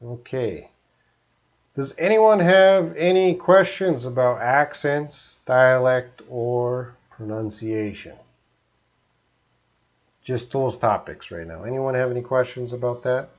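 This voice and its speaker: A man from Canada teaching English on a live stream, speaking slowly and deliberately and often checking that listeners follow. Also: mid-range voice, dull audio. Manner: slow, deliberate teacher talk with frequent check-ins.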